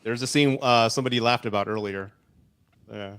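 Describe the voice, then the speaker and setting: A man's voice: mid-range voice, brisk, clean tone, no room sound. A man co-hosting a casual movie watch-along, joking and laughing a lot as he chats. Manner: laughs a lot, jokey, animated. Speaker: co-host of a movie review channel.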